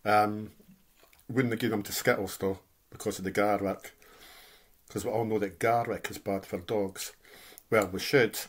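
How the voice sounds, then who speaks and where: A man's voice: lowish voice, steady tone, normal speed, slight background noise. A man casually reviewing food on his vlog, chatting while he eats with his mouth full.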